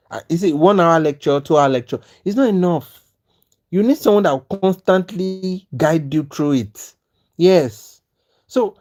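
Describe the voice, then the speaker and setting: A man hosting a live trading stream, talking through his trades and mentoring viewers with lively, repetitive asides like "you understand?". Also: a little high. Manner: animated, repeats "you understand?" often, stammers on restarts.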